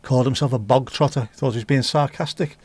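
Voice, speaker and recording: A man's voice: medium pitch, steady tone, quick pace, darkish tone, slightly rough. A man hosting a livestream, chatting casually and reading out viewer comments with rambling, jokey asides and free swearing. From England. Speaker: livestream host.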